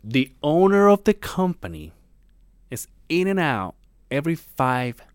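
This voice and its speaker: A man's voice: on the high side, a little slow, clean tone, no room sound, clean studio sound. A man co-hosting a podcast, telling a work story in casual, profane chat. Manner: profane, animated, swears a lot. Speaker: podcast co-host; construction worker.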